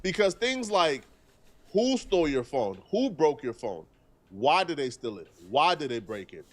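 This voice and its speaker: Streamer, male, slightly high voice, deliberate and earnest commentary. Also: big pitch swings, a bit bright. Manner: earnest, deliberate, argues point by point.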